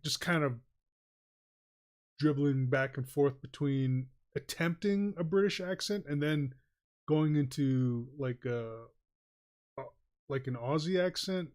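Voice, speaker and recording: Male streamer, casual drawing-stream chatter, rambling delivery with frequent chuckles and fillers. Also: fairly high pitch. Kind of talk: casual livestream chat while drawing.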